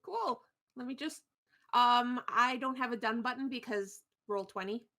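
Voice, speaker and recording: A woman's voice: a little high, unhurried, pushed and bright. A woman playing a tabletop game, casual and enthusiastic, swearing freely. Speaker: player.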